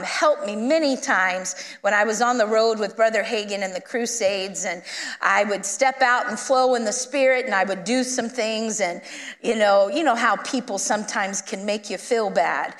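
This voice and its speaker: A woman guest minister telling a story in a sermon, lively and conversational, acting out the people she quotes. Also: on the high side, measured pace, big-room sound. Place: church sanctuary.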